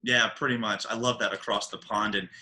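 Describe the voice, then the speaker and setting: American guy hosting a podcast, super bright punchy voice, chatty and jokey. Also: brisk, rough recording. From Baltimore, USA. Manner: chatty, jokey, animated pitch swings. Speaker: podcast host. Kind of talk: casual chat.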